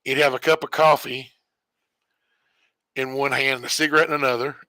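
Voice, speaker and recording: A man's voice: mid-range voice, little pitch movement, brisk, bright, forceful tone, dry recording. A man streaming a game and telling a long, rambling story in casual chat, correcting himself and chuckling as he goes. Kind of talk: casual storytelling while gaming.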